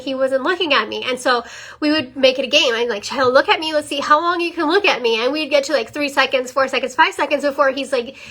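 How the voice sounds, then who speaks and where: Bright high-voiced young woman. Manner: earnest, emotional, many fillers and repeats. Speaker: mother sharing a product testimony. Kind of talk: casual testimonial vlog.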